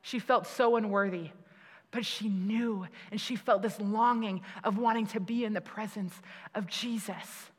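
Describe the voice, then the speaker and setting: A woman's voice: mid-range voice, fairly even intonation, unhurried, husky. A woman giving a conversational sermon, laughing at herself and restarting her sentences often, with many fillers. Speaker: preacher. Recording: long hall reverb.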